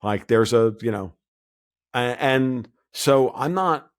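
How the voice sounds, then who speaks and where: A man appears as a guest commentator in a laid-back podcast interview, speaking slowly in a medium-pitched voice. He's blunt and rambling and keeps starting his sentences over.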